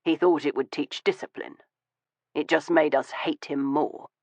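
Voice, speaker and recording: A man voicing a wounded, weary Victorian gentleman who speaks in a low, measured and bitter way in an audiobook. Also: steady tone, gravelly, no echo. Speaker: audiobook voice of a male character. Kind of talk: audiobook dialogue reading. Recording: dull, dry studio audio.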